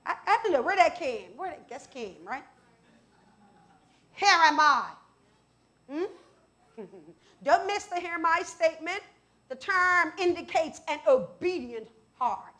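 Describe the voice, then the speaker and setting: A high-voiced woman preaches an animated sermon at a moderate pace, suddenly raising her voice to quote scripture and stepping aside at times to speak with the congregation.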